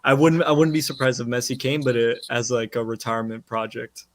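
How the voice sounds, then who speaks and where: This is a man giving his take on a soccer chat show. He speaks in an even, level tone with little melody, and he hedges with fillers and false starts as he goes. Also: medium pitch, brisk. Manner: hesitant, many fillers and restarts. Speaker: soccer podcast panelist. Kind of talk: casual chat.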